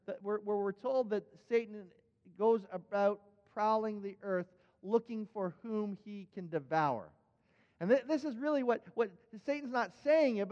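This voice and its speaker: A man with a high voice preaching a sermon, earnest and repeating himself as he builds each point. his voice rings out through a church hall with a long echo, and the sound is dull and muffled. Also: a little mellow. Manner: earnest, repeats words when starting phrases. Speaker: pastor. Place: church sanctuary.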